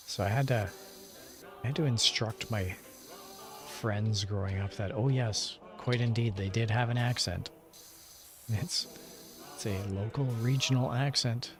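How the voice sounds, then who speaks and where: Low-key rambling streamer man. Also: measured pace, pauses often, music in the background. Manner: rambling, low-key, chatting back to viewers. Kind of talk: casual chat while gaming.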